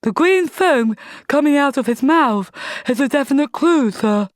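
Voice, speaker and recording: A woman's voice: sits high, expressive, unhurried, dry recording, studio quality, voice pushed up. A woman voicing a lisping, matter-of-fact female field medic. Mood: clinical.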